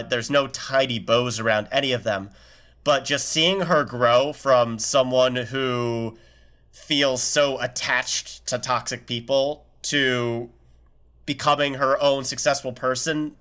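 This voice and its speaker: A man co-hosting a casual review podcast, giving thoughtful, measured opinions. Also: mid-range voice, bright, forceful tone. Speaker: podcast co-host.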